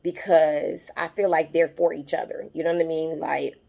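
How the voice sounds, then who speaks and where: A woman's voice: moderate pace, gravelly. Chatty woman recapping a TV episode. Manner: chatty and opinionated, says "child" and "honey" often; animated, rises high when worked up. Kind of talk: casual recap and review.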